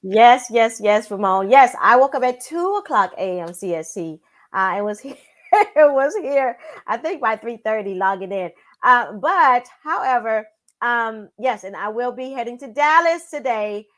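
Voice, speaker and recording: A woman's voice: a little high, lively intonation, a little slow, a bit bright. A woman guest on a live talk stream, speaking eagerly with many fillers and affirmations. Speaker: guest, sales director. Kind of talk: casual chat.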